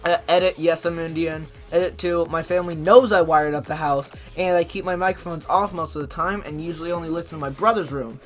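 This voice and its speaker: A man's voice: fairly high pitch, fairly even intonation, brisk, few pauses, a bit bright. A man reading posts from the internet aloud and mocking them in a sarcastic, incredulous way, often laughing. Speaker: commentary YouTuber. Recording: faint background music.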